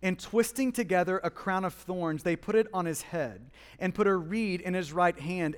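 A man preaching a sermon as pastor, with passionate swings between hushed and loud emphasis, speaking in a church. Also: sits high, normal speed, hardly any pauses, smooth, in a large hall. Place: church hall.

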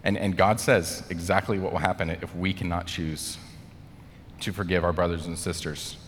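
A young adult man preaching a casual, conversational sermon as a pastor, animated and full of "like," acting out the quotes. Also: sits low, moderate pace, slight background noise. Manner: animated, acts out quotes, many "like" fillers. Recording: long reverb of a large hall.

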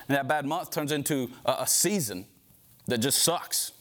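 A man preaching to a group of men in a relaxed, conversational way. His pitch sits at an ordinary middle level. He stumbles over and repeats words as he talks. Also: moderate pace. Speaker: pastor leading a men's group. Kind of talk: informal sermon.

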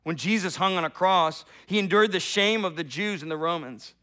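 At a moderate pace and in a voice that sits high, a middle-aged man preaches as pastor. He tells the story animatedly, going loud then dropping to a hush, and often repeats words to begin a thought.

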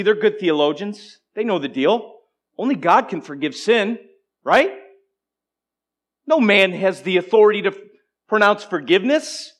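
Guy preaching a sermon, fairly high voice, goes big then drops to a hush, lots of asides to the crowd. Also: expressive, normal speed, long pauses. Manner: emphatic preaching with dramatic swings between loud declarations and hushed asides; conversational asides to the congregation. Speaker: pastor.

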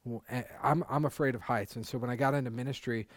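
A man's voice: medium pitch, fairly even intonation, fast talker, no echo. A male pastor delivers a sermon in an open, conversational way, circling back and repeating words to press a point home. His voice sits in a middle register. The sound is close and dry, with almost no room around it. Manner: candid, conversational preaching with emphatic repetition.

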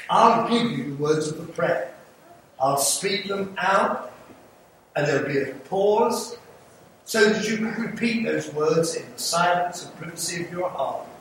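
A man's voice: fairly high pitch, a bit bright. An older man with an English accent, preaching an earnest, pleading evangelistic sermon with light humour in a church sanctuary. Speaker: visiting evangelist. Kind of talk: evangelistic sermon with altar call. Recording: echoey church from a distance, noisy.

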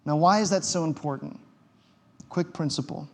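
A man's voice: a little high, moderate pace, creaky. A man preaching a sermon as pastor, conversational and emphatic, with wry quips. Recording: long hall reverb.

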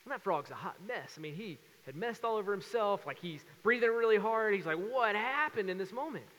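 A man in his thirties preaching a sermon as pastor, telling stories with lively acted-out voices. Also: high voice, fairly quick, long reverb tail. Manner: animated storytelling with acted voices.

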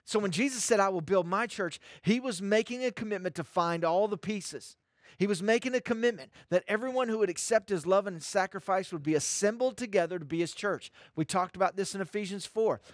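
A man's voice: high-pitched, brisk, no room sound, clean studio sound. A male pastor preaching a sermon, emphatic and repeating phrases for stress.

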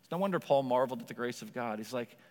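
A man's voice: medium pitch, lively intonation, fast talker, a little mellow, in a large hall. A male pastor preaching a sermon in a conversational way, with frequent asides to the congregation, in a church. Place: church sanctuary.

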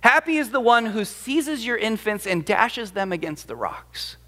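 Preaching a sermon in a church sanctuary, a pastor with a very high voice for a man speaks at normal speed in a bright, forceful, animated tone. He uses dramatic emphasis and slips into the voices of people he quotes, all under a large hall's long reverb.

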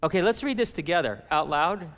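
A pastor preaching with a high, lively voice that rings through a large reverberant hall. He talks to his congregation in a loose, animated way and slips into voices for the people in his story. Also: a little fast, slight background noise. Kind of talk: sermon.

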